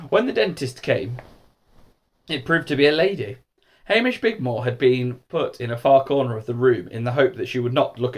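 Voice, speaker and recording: A man reading a children's storybook aloud, narrating in a lively, expressive way. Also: mid-range voice. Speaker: audiobook reader.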